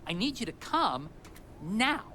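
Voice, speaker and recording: A woman's voice: medium pitch, sing-song, takes it slowly, sharp tone, slight background noise, full character voice. An actress voicing an impatient female settler customer who whines insistently, as video game dialogue. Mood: demanding. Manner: whiny and insistent.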